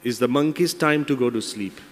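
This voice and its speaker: A male monk tells a moral fable to a seminar audience in an animated way. His voice sits at a middle pitch. A long reverb from a large hall trails behind his words. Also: moderate pace. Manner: animated storyteller. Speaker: monk giving an inspirational talk. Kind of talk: storytelling moral talk.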